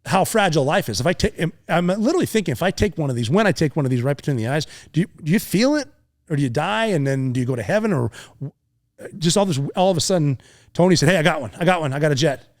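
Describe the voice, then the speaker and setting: A former Navy SEAL, middle-aged with a slightly raised pitch, tells a combat story as a podcast guest, talking fast and casually. He's animated and profane, acting out gunfire and other men's shouts, laughing often as he shifts between tension and dry humor.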